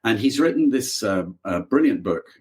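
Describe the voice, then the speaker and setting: A man with a somewhat low voice chats as a podcast guest. He talks casually and keeps trailing off and restarting. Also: lively intonation, normal speed, a little mellow. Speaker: author guest. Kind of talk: casual conversation.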